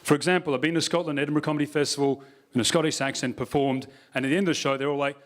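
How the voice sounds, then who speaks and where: A man's voice: a little high, fairly even intonation, very fast. A man giving a stand-up comedy keynote on a live stage, wry and conversational with the audience. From Australia. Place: live stage at a university event.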